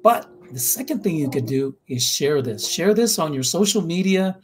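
A man's voice: a little high, expressive, moderate pace. A man hosting a live stream, earnestly urging viewers to subscribe and share. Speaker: channel host.

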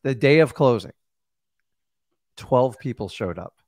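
Male coach giving casual advice, animated storyteller, dry recording. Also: medium pitch, a little slow, long pauses, no room sound. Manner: animated storyteller acting out quotes. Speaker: real estate coach.

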